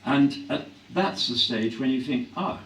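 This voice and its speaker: Older man, hoarse, echoey distant hall. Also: mid-range voice, lively intonation, measured pace, fairly bright tone, slight background noise. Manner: reflective, anecdotal, with frequent throat-clearing. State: voice growing hoarse. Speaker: actor being interviewed. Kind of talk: on-stage interview before a live audience. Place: hall at a public event.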